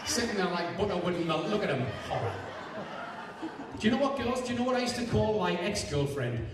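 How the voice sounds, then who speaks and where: A man with a Geordie accent, a stand-up comedian firing off quick one-liners and bantering with his audience at a live show. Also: high-pitched, big pitch swings. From Newcastle, England. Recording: echoey hall, mic far, audience noise.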